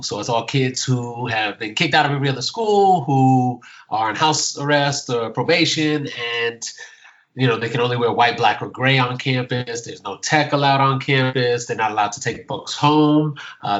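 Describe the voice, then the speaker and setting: A middle-aged man, a guest poet, telling a story in casual conversation and acting out the dialogue with lively shifts. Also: mid-range voice, dull audio. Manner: animated, acts out dialogue in the story.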